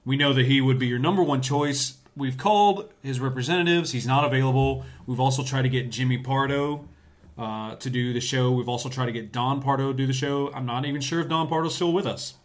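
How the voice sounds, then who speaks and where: A man's voice: medium pitch, brisk. A man hosting a casual podcast, joking and giving mock-formal introductions. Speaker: podcast host.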